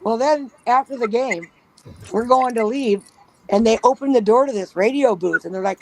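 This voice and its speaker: A woman's voice: on the high side, normal speed, darkish tone, slight background noise, poor audio. A woman telling a story in casual talk at home, blunt and swearing freely, often giggling. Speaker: panel guest. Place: at home with pets nearby. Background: dog snoring.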